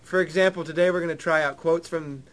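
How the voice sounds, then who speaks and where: A man's voice: on the high side, fairly even intonation, quick pace, fairly bright tone. A young man co-hosting a radio show in casual banter, wry and self-deprecating.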